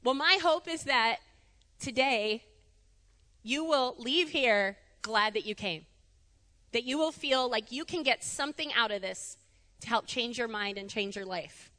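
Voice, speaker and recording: A woman giving a conversational sermon in a church, animated and chatty, laughing easily. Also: a little high, measured pace, long reverb tail. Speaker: preacher. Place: church sanctuary.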